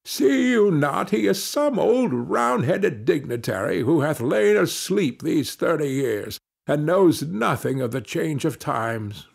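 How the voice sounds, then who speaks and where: A man reading as a colonial gentleman in a storybook who mocks with easy condescension. His voice sits a little higher than the narration and has a husky grain. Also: big pitch swings, takes it slowly, hardly any pauses, heavily acted. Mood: mocking. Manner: mocking, condescending. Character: mocking, laughing male colonial gentleman.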